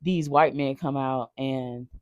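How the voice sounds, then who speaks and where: A man telling a painful personal story off the cuff, emotional and halting, swearing and restarting often. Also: mid-range voice, steady tone, no echo, dull audio. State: shaken while recounting.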